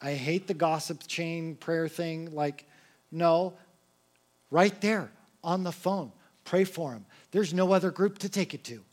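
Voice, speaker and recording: High-voiced man preaching casually. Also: measured pace. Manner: casual, conversational preaching with lively acted quotes. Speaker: pastor. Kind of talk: sermon.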